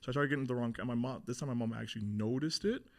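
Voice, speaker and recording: A young man talking at a rapid clip in a middle-range voice, a guest recounting his past in casual, unfiltered speech. He slips into other people's voices as he tells the story, swearing freely and piling up fillers. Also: mid-range voice, vocal fry. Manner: animated retelling, acting out quoted voices, frequent swearing and fillers. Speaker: interview guest. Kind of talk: candid storytelling in a podcast interview.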